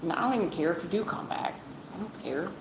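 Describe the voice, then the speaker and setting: Low raspy-edged lady doing tarot live, blunt, kinda sarcastic, echoey room w/ noise. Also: animated, fast talker. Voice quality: blunt, sarcastic-sounding delivery. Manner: talks straight to chat viewers, calls them baby and hon. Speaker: tarot reader on a livestream. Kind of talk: blunt casual livestream chat.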